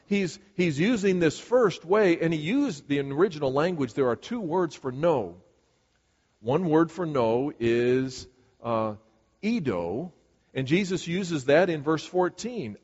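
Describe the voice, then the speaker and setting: A man's voice: fairly high pitch, lively intonation, measured pace, a little mellow. A man preaching a sermon in an earnest, emphatic way, taking on Jesus' voice as he paraphrases scripture. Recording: dull sound with long hall reverb.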